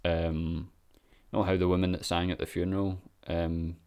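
A man's voice: low-pitched, flat delivery, normal speed, darkish tone. A Scottish man giving laid-back, sweary reaction commentary with lots of ums and chuckles. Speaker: vlogger.

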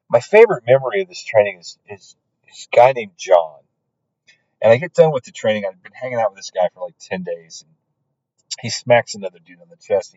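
A man speaking at a middle pitch, telling his own story as a podcast host. He sounds earnest and halting, and often restarts his sentences. The audio is dry and a little dull. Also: darkish tone, dry recording.

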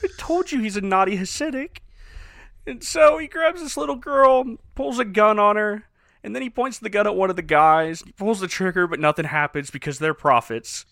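A man with a bright, fairly high voice tells the plot of a bad movie in a wry, storytelling way. The sound is close and dry, with no room around it. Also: normal speed, no room sound. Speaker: podcast co-host recapping a movie. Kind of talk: casual comedic movie recap.

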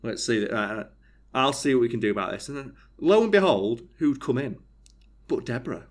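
Young man, casual storytelling, mid pitch. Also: normal speed. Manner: animated storytelling, acts out quoted dialogue, swears freely. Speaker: podcast co-host telling a story. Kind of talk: casual chat.

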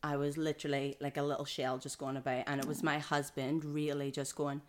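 A woman's voice: low voice, level tone, fairly quick. A woman guest on a podcast, telling her personal story in casual conversation. She is earnest and acts out the voices of other people as she quotes them. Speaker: podcast guest, mother of triplets.

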